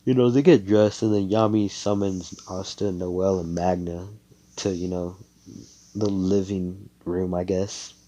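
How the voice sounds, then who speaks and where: A man's voice: low-pitched, steady tone, measured pace, dark tone. A man casually retelling a fan story, rambling and cussing with lots of filler words.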